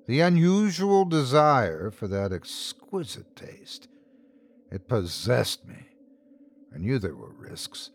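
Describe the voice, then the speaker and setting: A man hosting and narrating a scripted horror story in a measured, dramatic first-person telling. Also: fairly low pitch. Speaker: host and narrator.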